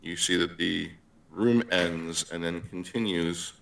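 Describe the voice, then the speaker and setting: A man's voice: low voice, steady tone, takes it slowly, vocal fry, fairly bright tone. A man acting as game master, easygoing and conversational, on an online call. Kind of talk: running a tabletop game.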